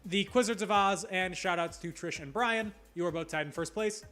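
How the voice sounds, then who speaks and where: A man's voice: high voice, moderate pace, sharp tone, soft background music. A man hosting a live trivia show, reading questions with playful jokey asides. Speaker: trivia quiz host.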